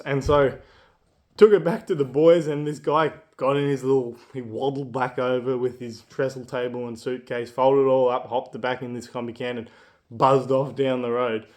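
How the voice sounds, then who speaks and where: A man's voice: medium pitch, fairly even intonation, moderate pace, darkish tone. Young man, casual chatty anecdote with a mid-range voice. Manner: chatty, lots of fillers and asides. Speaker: storyteller.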